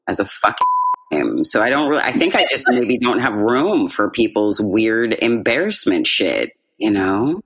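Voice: medium pitch, fairly bright tone, rough recording. A podcast co-host talking bluntly and outspokenly in casual chat.

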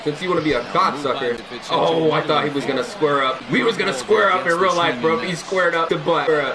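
A young man streaming a baseball video game, yelling and cursing at it, then dropping to mutters and trash talk. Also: on the high side, brisk. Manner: loud, profane, swings between yelling and muttering. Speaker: gaming streamer. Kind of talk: raging gameplay commentary. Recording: game crowd noise behind.

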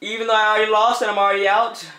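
A man's voice: high voice, flat delivery, very fast, bright, forceful tone, echoey room. A man giving playful let's-play commentary, teasing the other players and often breaking into laughter with goofy repeated calls. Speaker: gameplay commentator.

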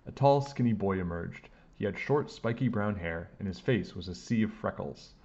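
Deep-voiced man reading a storybook. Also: expressive, moderate pace, mellow, dull audio. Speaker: storybook reader. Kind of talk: reading a children's book aloud.

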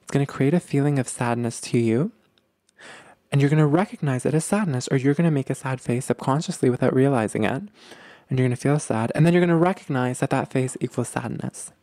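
A man hosts a casual podcast and talks straight to his listeners, earnest and informal. His voice sits at an ordinary middle pitch, and the recording is dry and close, with no room sound. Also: brisk, dark tone, no room sound. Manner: earnest, addresses listeners as "guys", repeats words. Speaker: podcast host. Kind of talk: casual advice podcast talk.

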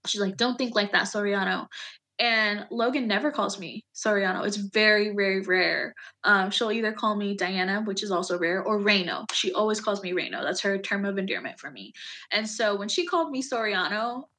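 A woman veteran speaks with a bright, clear-toned voice. She tells a painful memory candidly and plainly, filling her sentences with pauses and small fillers as she goes. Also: medium pitch, expressive. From United States. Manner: candid, emotional retelling with many fillers. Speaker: Army veteran guest. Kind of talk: personal storytelling in an interview.

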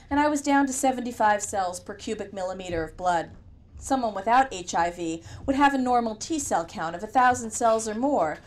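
A woman reading a novel aloud in first person, with a wry, conversational storytelling manner. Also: mid-range voice. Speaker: audiobook narrator. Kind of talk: first-person audiobook narration.

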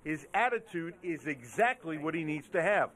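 A man's voice: on the high side, big pitch swings, moderate pace, a bit bright. A man reporting a news feature, telling the story in a friendly storytelling manner. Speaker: sports reporter.

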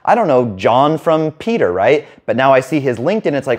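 A man working as a dating coach, talking fast and rambling in a casual monologue to camera, with some swearing. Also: mid-range voice, lively intonation, darkish tone. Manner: rapid, rambling, casual with profanity.

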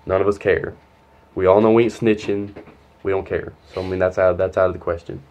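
A man's voice: deep voice, level tone, brisk, darkish tone. A young man telling a heated, profane story in a casual storytime. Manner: profane, rambling, heated retelling.

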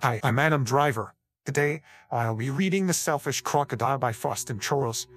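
A man's AI-cloned voice giving deadpan scripted storybook narration full of crude jokes. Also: medium pitch, normal speed.

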